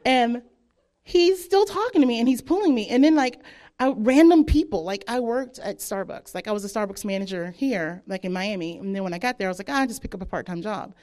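A woman from the States, giving a personal testimony in a chatty, animated way and acting out what people said. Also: on the high side, a little fast. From southern United States. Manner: animated, chatty, acts out quotes, laughs often.

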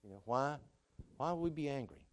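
Male preacher, sermon delivery, lively pitch swings from quiet reading to fervent shouting. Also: fairly quick. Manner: swings from calm reading to loud, high-pitched impassioned preaching.

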